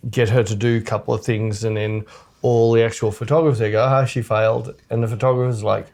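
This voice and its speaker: A man's voice: lowish voice, flat delivery, fairly quick, vocal fry, darkish tone. A man, a photographer hosting a podcast, telling rambling, blunt, joking stories in casual chat.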